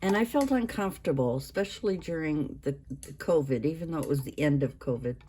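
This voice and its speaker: A woman in her sixties hosting a craft vlog, talking in a rambling, halting way with many restarts. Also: deep voice, lively intonation, mellow, husky. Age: 60s. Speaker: craft channel host. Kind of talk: casual show-and-tell vlog.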